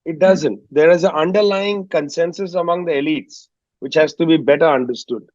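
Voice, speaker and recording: A man speaks in a somewhat raised register and explains his points at a measured pace, often with small asides. The recording is dull and slightly lo-fi, with a dry, close sound and no room echo. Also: fairly high pitch, a little mellow. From India. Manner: measured, explanatory, frequent "you know" asides. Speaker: guest historian. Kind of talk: analytical interview answer.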